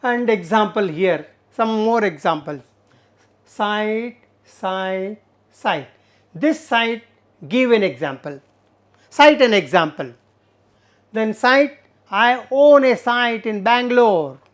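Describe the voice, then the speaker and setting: Slow-talking Indian English woman teacher. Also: mid-range voice, expressive. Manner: slow, repetitive explaining with frequent fillers. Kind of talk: recorded classroom lesson.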